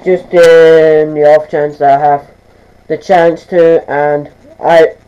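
A man's voice: fairly high pitch, little pitch movement, slow, warm tone, smooth, highs cut off. A teenage boy vlogging casually to camera, stammering and restarting his sentences as he talks through plans. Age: teens. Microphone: camera mic.

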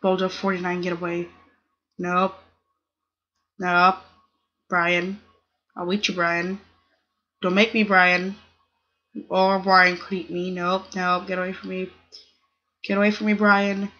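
A young woman talks slowly through her gameplay, chatting to the other players and squealing protests. Her voice comes through a dull, lo-fi home recording. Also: fairly low pitch, level tone, sharp tone. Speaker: gaming channel host. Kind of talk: casual gameplay commentary.

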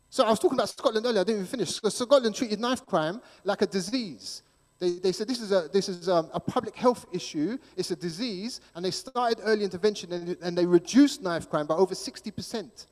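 A high-voiced man speaks at a church gathering, urging and emphatic, often doubling back on his words for stress. His voice carries a long reverb tail through the church hall. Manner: animated, emphatic, repeats words when pressing a point. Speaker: church speaker promoting a schools ministry. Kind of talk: church appeal talk.

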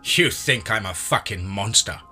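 A man's voice: lowish voice, expressive, moderate pace, faint music behind. A man voicing a drunk, menacing uncle who slurs and sways, sing-song one moment and snarling the next. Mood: furious. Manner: loud, slurred and sing-song, then snarling.

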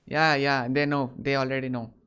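A man's voice: mid-range voice, flat delivery, moderate pace, a bit bright, clear, resonant tone. A man from India with an Indian English accent, chatting casually and bluntly with strangers over a video call. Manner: teasing, blunt questions. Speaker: video chat host.

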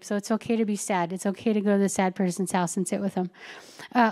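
A woman's voice: medium pitch, steady tone, fast, a little mellow. A woman pastor giving a conversational sermon, telling everyday stories with chatty asides and reading scripture.

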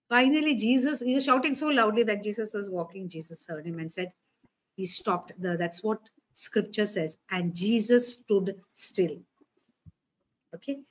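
A woman preacher giving a conversational sermon, often asking her listeners questions. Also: mid-range voice.

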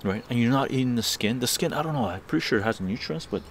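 A Canadian man with a medium-pitched, expressive voice speaks quickly during a casual live stream from his outdoor patio garden. He rambles and uses tag questions like "right?". There's slight background noise.

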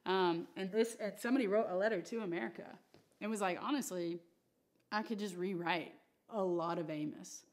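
A woman leading a casual church Bible class, chatty and playful, acting out quick voices with laughs. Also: mid-range voice. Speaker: Bible study teacher.

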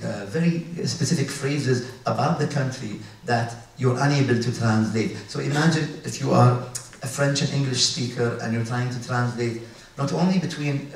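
A man from the UAE giving a conference talk with slides, halting often with fillers and restarts. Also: medium pitch. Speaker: conference speaker. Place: large conference hall. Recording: echoey hall, distant mic, faint noise.

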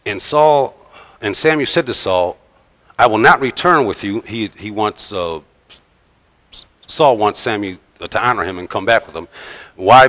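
A male pastor preaching a sermon in a conversational, halting way, with frequent pauses and restarts. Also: lowish voice, a bit bright. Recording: long reverb of a large church hall.

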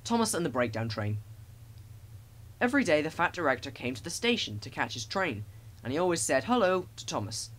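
A man's voice: a little high, big pitch swings, brisk, a bit bright. Man narrating a children's storybook. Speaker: audiobook narrator.

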